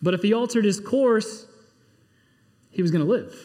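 High-voiced preacher in a reverberant hall. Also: male voice, moderate pace. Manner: animated preaching, swinging between loud emphatic bursts and low quiet asides. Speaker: pastor. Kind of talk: sermon.

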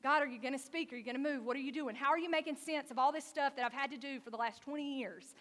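A woman's voice: sits high, fast, fairly bright tone. A woman voicing a desperate pleading prophet in a reverberant hall. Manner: urgent, imploring questions.

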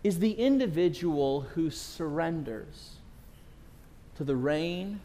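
A man's voice: on the high side, expressive, slow pace, mellow, a little hiss or hum. A middle-aged man from California, a pastor preaching a sermon, telling stories and repeating phrases for emphasis. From California, USA. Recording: long reverb of a hall.

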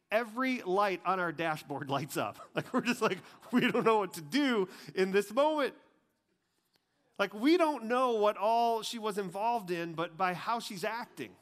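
A man preaching a conversational sermon, chatty and full of asides, dropping to a hushed, grave tone for serious points. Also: high-pitched. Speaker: pastor.

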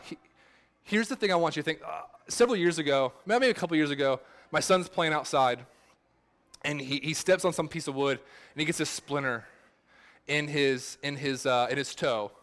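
A man in his thirties delivers a sermon in an animated storytelling way, stumbling over restarts as he goes. His voice sits a little higher than most men's. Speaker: pastor.

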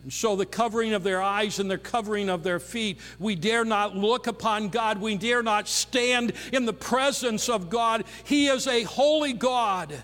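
High-voiced preacher in a reverberant hall. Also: male voice, a bit bright. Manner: preaching with emphatic repetition and pauses. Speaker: pastor. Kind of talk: sermon.

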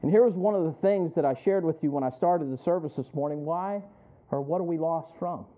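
A male pastor preaching a sermon as a personal story, calling on listeners by name and building to loud emphatic peaks. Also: a little high, fairly quick. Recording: tinny phone-like audio.

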